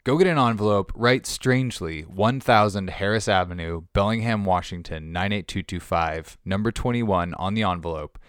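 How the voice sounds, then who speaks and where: A man hosting a podcast, chatting loosely and jokily and often restarting his sentences. His voice sits on the low side and sounds smooth and resonant. The studio recording is dry and close. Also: normal speed, hardly any pauses, no room sound. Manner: rambling, self-interrupting, jokey. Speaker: podcast host. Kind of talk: casual monologue.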